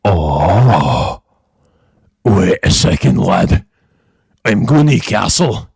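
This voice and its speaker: A man putting on a booming mock-Scottish brute. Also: big pitch swings, very slow, creaky, darkish tone, breathy edge, no room sound, clean studio sound, exaggerated voice. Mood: indignant. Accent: put-on Scottish. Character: gruff mock-Scottish man, loud and indignant.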